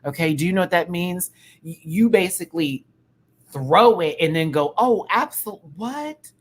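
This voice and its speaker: A man reviews a show in casual live-stream commentary, animated and campy, throwing in quick asides and laughs. His voice is a little high.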